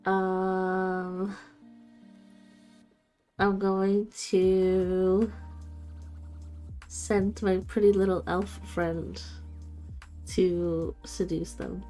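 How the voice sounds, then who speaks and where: Giggly woman, slow, playful. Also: medium pitch, level tone, warm tone, faint music behind. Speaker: player. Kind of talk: playing a tabletop game with friends.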